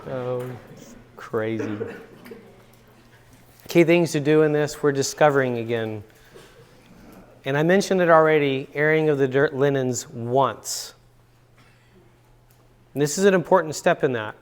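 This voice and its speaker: A man's voice: mid-range voice, measured pace, long pauses, clear, resonant tone. A middle-aged man giving a relationship seminar to an audience, chatty and repeating words for emphasis. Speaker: seminar speaker and counselor. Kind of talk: relaxed seminar talk with stories. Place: university seminar room.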